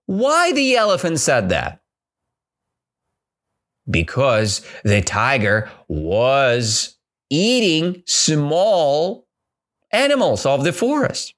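Man from Russia, podcast English teacher. Slow, highly expressive delivery with constant check-in questions. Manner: retells a story and quizzes listeners with repeated questions. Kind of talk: podcast language lesson.

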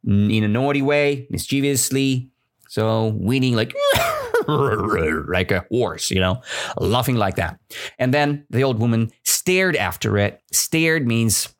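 A man's voice: mid-range voice, a little slow. A man teaching English who walks learners through a story, often checking in with "right?". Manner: repeats words and checks in with "right?".

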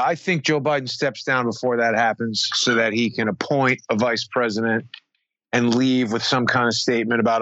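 A man's voice: lowish voice, a bit bright, dry recording, muffled recording. A man co-hosting a political talk show, adding wry quips. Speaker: co-host.

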